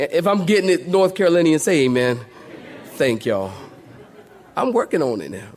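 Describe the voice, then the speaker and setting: A man's voice: fairly high pitch, lively intonation, normal speed, long pauses, a little mellow. A male pastor preaching a sermon to a congregation, emphatic, calling out to the saints for responses.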